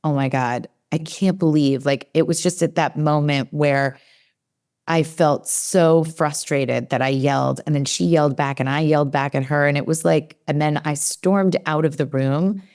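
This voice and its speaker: A woman's voice: low-pitched, steady tone, moderate pace, a little mellow. A woman in her forties, a developmental psychologist, chatting in a podcast interview and acting out her own inner dialogue with many fillers.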